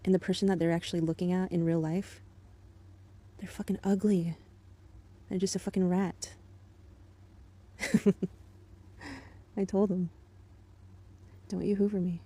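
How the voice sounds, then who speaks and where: A woman's voice: fairly low pitch, little pitch movement, a little slow, pauses often, mellow. A woman in an angry, profane monologue aimed at an ex-partner, bitter and contemptuous but controlled. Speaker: vlogger.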